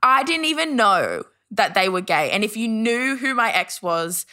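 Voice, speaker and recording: A woman's voice: a little high, very animated, moderate pace, bright, forceful tone. A woman telling a personal story in casual chat as a podcast guest, talking in a chatty way and filling her phrases with "like". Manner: chatty, fills every phrase with "like", acts out quoted voices.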